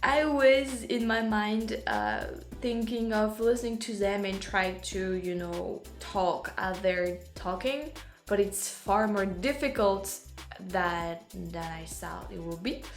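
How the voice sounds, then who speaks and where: A woman's voice: medium pitch, soft background music. A woman with a French accent, a native French speaker, hosting a casual reaction chat and often stopping to correct herself. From France. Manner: halting, self-correcting, laughs at herself. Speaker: YouTube host.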